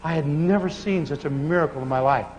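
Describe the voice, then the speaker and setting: A man with a high voice preaches a sermon, telling stories with animated laughter. His voice rings through a long hall reverb. The recording is muffled and carries a faint hiss. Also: fast. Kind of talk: sermon storytelling.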